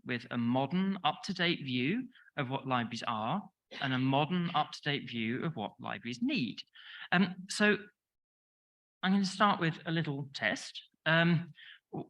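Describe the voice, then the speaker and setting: On the high side, bright and forceful, this London-accented conference speaker from England talks in a conference hall with poor audio. Chatty and self-deprecating, he admits to little sleep and restarts often.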